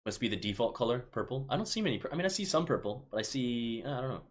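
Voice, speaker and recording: A man's voice: mid-range voice, very animated, fast. A man in his thirties from Chicago, casually reading viewer questions aloud on a live stream and answering them offhand, often restarting his sentences. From Chicago, United States. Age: 30s.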